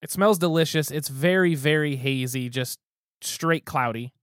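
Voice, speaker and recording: A man's voice: fairly high pitch, measured pace, a bit bright, smooth, no echo, studio quality. A man hosting a casual podcast, talking in an easygoing, descriptive, good-humored way. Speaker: podcast host.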